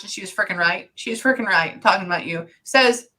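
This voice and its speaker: A woman's voice: medium pitch, fairly quick, bright, forceful tone. A woman working as a psychic medium, giving a casual spirit reading and rambling with lots of "like". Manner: rambling, heavy use of "like".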